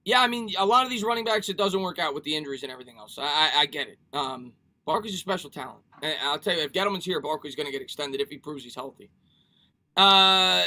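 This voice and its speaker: Male sports streamer, high and bright, excitable and repetitive, casual live chat. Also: fast. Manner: animated, repeats himself, reads viewer comments.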